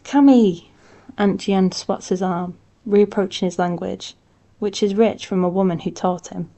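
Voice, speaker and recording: A woman reading a novel aloud in a calm, steady storytelling manner. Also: mid-range voice, normal speed, gravelly. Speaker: audiobook reader.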